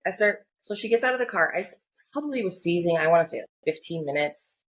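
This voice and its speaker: A woman's voice: lowish voice, lively intonation, fast, a little hiss or hum. Frank woman telling her story. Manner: frank, acts out quoted voices, frequent "like" and "you know". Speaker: podcast guest. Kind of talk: candid personal storytelling.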